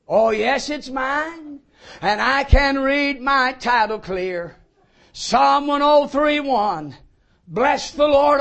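A man preaching a sermon with fervent delivery, breaking into shouts of praise. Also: very high voice.

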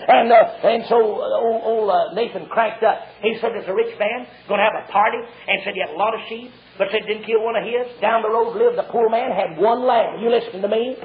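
Man, revival preacher, very high voice, shouting, muffled old tape. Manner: fiery, shouting, drawn-out emphatic lines. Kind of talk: revival sermon. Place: church before a congregation. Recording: dull lo-fi sermon tape.

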